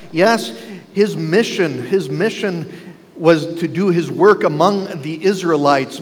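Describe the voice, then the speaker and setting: Man, pastor preaching, rhetorical questions, fairly high voice, long church reverb. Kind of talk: sermon. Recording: long reverb with faint ambience.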